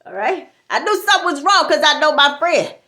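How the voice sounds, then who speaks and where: A woman telling a comic story as a sassy church lady, animated and preachy. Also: high voice, brisk. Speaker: comedian. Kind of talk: comedic storytelling monologue.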